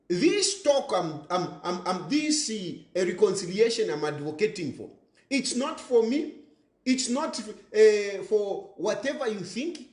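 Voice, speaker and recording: A Zambian man speaks in a high, lively voice, hammering his points home by repeating them and mixing languages as he goes. His pitch jumps around with every phrase, and now and then a laugh cuts in. It is recorded in an echoey room in his apartment. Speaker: political commentator. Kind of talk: impassioned monologue. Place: rented apartment abroad.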